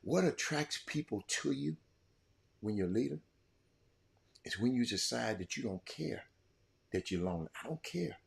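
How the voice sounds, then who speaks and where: An older man giving an impassioned monologue as a show host, repeating himself and swinging between loud outbursts and quiet, reflective stretches. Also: mid-range voice, animated, moderate pace, vocal fry, long pauses. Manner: fiery, repetitive, swinging from shouting to quiet.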